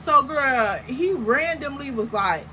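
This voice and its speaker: A young woman telling a story in a casual, animated, slangy way, full of exaggerated comparisons. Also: sits high, takes it slowly, a little hiss or hum, low-quality recording. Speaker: storytime vlogger.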